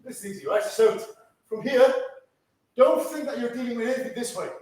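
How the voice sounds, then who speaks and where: A man's voice: very high-pitched, fairly quick, a little mellow. A man teaching a karate class, giving instructions and checking in with a frequent "yeah?". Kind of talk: teaching a martial arts class. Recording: echoey room from a distance.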